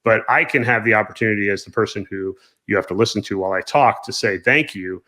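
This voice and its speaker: Man, low voice, earnest, halting restarts, casual interview host. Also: pushed and bright.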